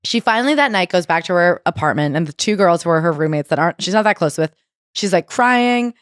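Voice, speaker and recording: Woman podcast co-host, quick chatty talk, dry room. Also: lowish voice, dry recording. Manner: chatty, acts out quotes with swearing. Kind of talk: casual chat recapping a memoir.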